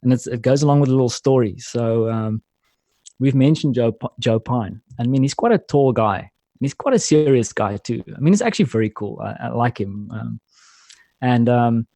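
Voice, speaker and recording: A friendly storyteller with a mellow, warm tone, a man from South Africa who is a guest on a podcast. He talks in easy, casual chat. The sound is close and dry. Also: mid-range voice, animated, moderate pace, no echo.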